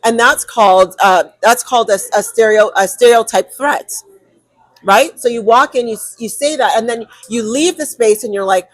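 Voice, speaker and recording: Woman, emphatic, acts out voices, high pitch, dry close sound. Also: no room sound, low-quality recording. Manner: emphatic, acts out quick inner monologues. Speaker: co-host. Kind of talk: animated podcast conversation.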